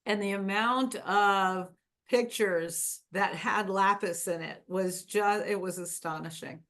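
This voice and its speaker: A woman's voice: medium pitch, slow pace, fairly bright tone. A woman hosting a wellness workshop, teaching a group in a chatty, meandering way. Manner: chatty, meandering, with fillers and laughs.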